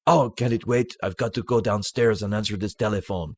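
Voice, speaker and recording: A man putting on an impression of a gruff male action-hero cop with a clipped, deadpan delivery. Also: on the low side, fairly quick, no room sound, studio quality, natural voice.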